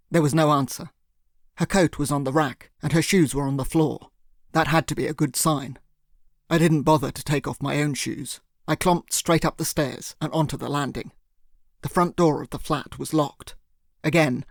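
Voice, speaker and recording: A man narrating a first-person thriller audiobook in a steady, earnest way. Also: fairly high pitch, no echo, studio quality.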